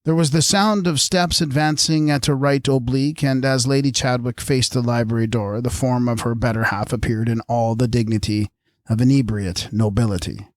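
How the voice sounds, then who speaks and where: A man's voice: mid-range voice, steady tone, moderate pace, dry recording. Man reading a story, close and dry. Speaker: audiobook narrator. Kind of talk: scripted narration.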